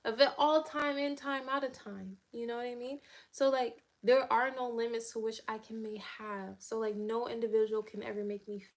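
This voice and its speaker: A woman's voice: on the high side, fairly even intonation, moderate pace. A woman hosting a casual livestream, chatting upbeat and loose with lots of fillers, talking straight to her viewers. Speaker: livestream host.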